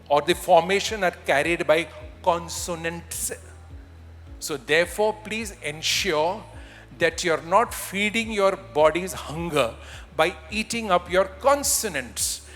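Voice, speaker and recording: A man with an Indian English accent gives a lively, humorous talk as a communication trainer, pitched a little high for a man. His voice carries a long reverb from a large event hall, with faint music underneath. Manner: animated, demonstrative, humorous. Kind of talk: conference talk.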